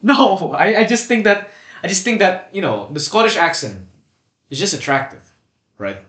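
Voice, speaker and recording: A man's voice: high-pitched, sing-song, moderate pace, fairly bright tone. A seventeen-year-old boy co-hosting a casual podcast chat, rambling with many restarts and fillers. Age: teens. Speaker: podcast co-host. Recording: echoey room.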